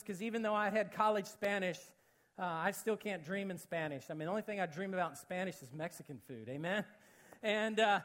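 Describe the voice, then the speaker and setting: High-voiced animated man preaching. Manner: animated, jokey, acts out quotes, shifts to low earnest tone. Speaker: pastor. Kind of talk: sermon storytelling.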